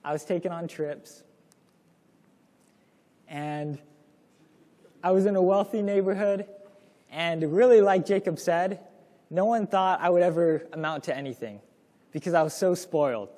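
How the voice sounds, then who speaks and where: A man's voice: on the high side, moderate pace, long pauses, dark tone. Young man telling a story in a hall. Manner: casual, storytelling, acts out quoted lines. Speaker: course presenter. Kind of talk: classroom talk to parents.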